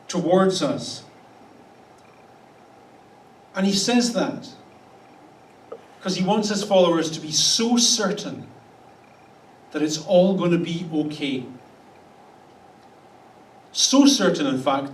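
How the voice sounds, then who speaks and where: A man preaching a conversational sermon as a pastor, wry in tone and slipping into the voices of the people he quotes. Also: on the high side. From Canada. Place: church hall. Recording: echoey church hall, voice a bit distant.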